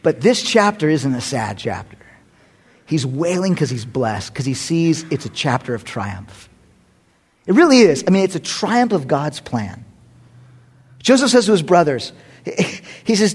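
Male pastor, comic sermon delivery, bright voice, swoops up and down a lot. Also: fairly high pitch, big pitch swings, a little slow, pauses often, slightly rough. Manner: humorous, conversational, laughs often.

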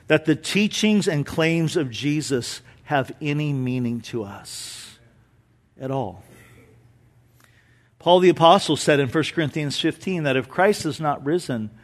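A man preaching an Easter sermon as pastor, telling stories with humor and swinging between emphatic lines and hushed ones. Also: a little high. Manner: storytelling with humor.

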